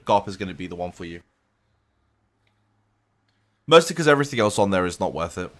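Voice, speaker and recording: A man's voice: sits low, big pitch swings, a little fast, a bit bright. A young man chatting casually on a live stream from his room at home, answering viewers' questions with frequent restarts. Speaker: game streamer.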